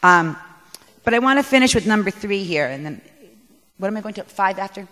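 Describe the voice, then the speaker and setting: A woman giving a talk on parenting to an audience, animated, emphatic and poking fun at herself. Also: medium pitch, a little fast. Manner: animated and emphatic, self-mocking. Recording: echoey hall.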